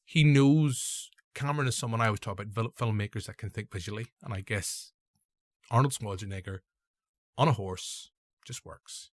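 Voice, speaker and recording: A man's voice: lowish voice, moderate pace, no echo, clean studio sound. A young man with a Northern Irish accent hosting a casual film review podcast, rambling and correcting himself with joking asides. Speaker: podcast host.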